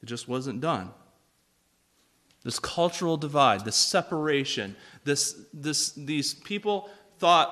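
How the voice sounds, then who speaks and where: A man preaching a sermon, reading scripture and asking the congregation questions in an animated way. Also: fairly high pitch, measured pace. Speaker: pastor.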